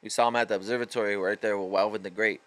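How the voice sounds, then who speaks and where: A man's voice: fairly low pitch, fairly even intonation, racing, fairly bright tone. Profane fired-up man ranting. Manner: profane, fired-up motivational rant; casual street slang. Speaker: podcast host. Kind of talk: solo podcast monologue.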